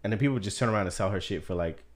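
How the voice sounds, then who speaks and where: A man's voice: fairly low pitch, racing. A man co-hosting a podcast, chatting casually and jokingly about a movie, swearing freely. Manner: profane, joking, animated storyteller. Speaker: podcast co-host. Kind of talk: casual movie-discussion chat.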